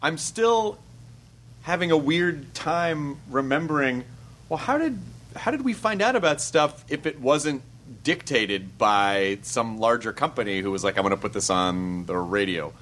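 A man hosting a casual interview, animated and joking, quick to sound incredulous. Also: fairly high pitch. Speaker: host.

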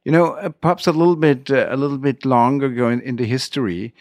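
German-accented man, halting English, dry sound. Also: medium pitch, fairly even intonation, a little mellow, dry recording. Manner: halting non-native English with fillers and restarts. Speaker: winery owner guest. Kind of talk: interview.

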